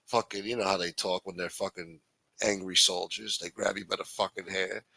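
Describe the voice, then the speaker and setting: Profane, forceful low-voiced man. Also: fairly even intonation, normal speed, creaky, low-quality recording. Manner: profane, angry, blunt. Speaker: host. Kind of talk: livestream political rant.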